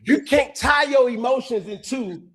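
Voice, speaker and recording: A man as a guest on a sports talk show, speaking emphatically and now and then raising his voice to a shout. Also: measured pace. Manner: emphatic, preachy, swings in pitch.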